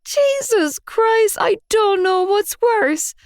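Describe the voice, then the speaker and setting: A woman playing a shrill panicking girl. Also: expressive, measured pace, no room sound, studio quality. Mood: panicked. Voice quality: shrill, wailing. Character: frantic young Irish woman, dramatic and shrill.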